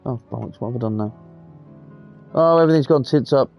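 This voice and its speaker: A man's voice: mid-range voice, brisk, vocal fry, dull audio, faint music behind. A British man chatting casually and swearing freely as he streams a game. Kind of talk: casual live gameplay commentary.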